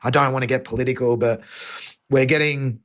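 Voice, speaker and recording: A man's voice: mid-range voice, fairly even intonation, brisk. An Australian man, an environmental activist, talking emotionally and earnestly in a podcast interview, often restarting his sentences.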